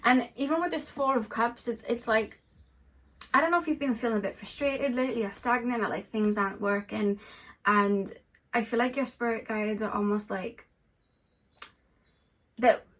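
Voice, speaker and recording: A woman's voice: on the high side, normal speed, long pauses. A woman giving a casual, rambling tarot card reading to her viewers. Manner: rambling and animated, filler-heavy. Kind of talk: casual spiritual reading to camera.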